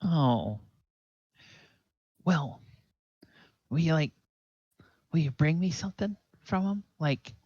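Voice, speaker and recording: A man voicing an excitable young village boy in a tabletop game, talking quickly and pleadingly. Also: a little high, slightly rough, dry recording, dull audio, voice pushed up, full character voice. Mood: eager.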